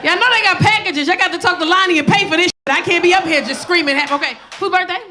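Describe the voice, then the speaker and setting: A woman's voice: very high voice, fast talker, bright, forceful tone, slight background noise. A woman comedian telling a brash, profane story on stage and working the crowd, recorded live in a comedy club. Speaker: stand-up comedian. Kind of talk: stand-up comedy with crowd work.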